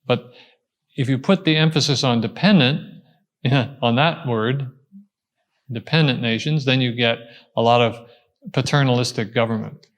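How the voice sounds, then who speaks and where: A man answering an audience question at a talk, explaining step by step, pausing and restarting as he thinks. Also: medium pitch. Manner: thoughtful, explaining step by step with frequent pauses and restarts.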